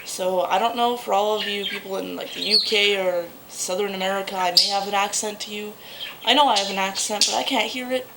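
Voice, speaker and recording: A young woman from Canada with a Manitoba accent, chatting casually in a vlog and pausing often with ums. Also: medium pitch, fairly even intonation, noisy background. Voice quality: chatty, halting with frequent ums. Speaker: vlogger.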